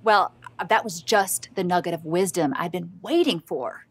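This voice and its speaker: A woman telling her own story as the lead of a comedy mockumentary, earnest and self-deprecating, awkward and halting at an audition. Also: fairly low pitch, husky, no room sound. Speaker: comedic narrator and lead character. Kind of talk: deadpan mockumentary narration.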